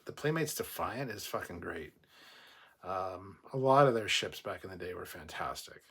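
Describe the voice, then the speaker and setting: A man's voice: low-pitched, lively intonation, moderate pace, fairly bright tone, slightly rough. A man hosting a casual livestream, reading viewer comments and rambling into profane rants. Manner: rambling, swears freely, goes off on rants. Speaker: host.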